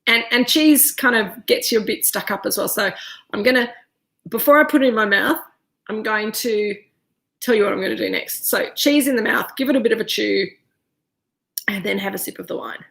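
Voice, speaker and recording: Woman, casual tasting-class host, a little high, gravelly edge, talks through mouthfuls. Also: a little fast, fairly bright tone. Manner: chatty, talks while chewing and eating. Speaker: winemaker leading a virtual tasting.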